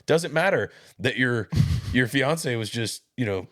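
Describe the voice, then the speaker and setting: A man's voice: mid-range voice, animated, a little slow, a bit bright. A man telling stories from police work as a podcast guest, laughing often. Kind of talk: casual storytelling.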